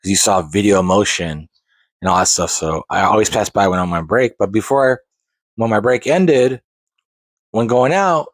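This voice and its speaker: A man's voice: lowish voice, normal speed, dry recording. A man in his forties telling a long personal story as a podcast host, rambling with restarts and side digressions. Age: 40s. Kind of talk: casual storytelling monologue.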